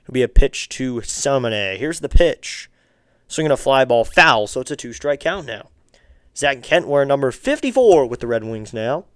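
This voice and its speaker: A man with a smooth, resonant voice calls the pitches of a baseball game for his live stream. He keeps it loose and chatty between pitches, greeting the chat and pushing for likes and subs. The sound is close and dry, with no room around it. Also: big pitch swings, moderate pace, fairly bright tone, no room sound. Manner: casual, chatty, asking viewers for likes and subs. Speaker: streamer doing play-by-play.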